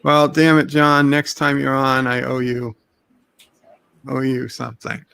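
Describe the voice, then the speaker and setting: A man's voice: mid-range voice, a little slow, gravelly, clear, resonant tone. A man hosting a casual live stream, chatting and thanking viewers for donations. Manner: relaxed, reads out chat donations. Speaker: streamer host.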